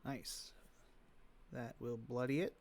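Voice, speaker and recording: A man serves as game master for a tabletop session, with a voice of ordinary middle pitch. He hands out rolls and narrates outcomes in an unhurried, easygoing way, pausing on fillers as he thinks. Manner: relaxed, steady rulings with frequent filler pauses.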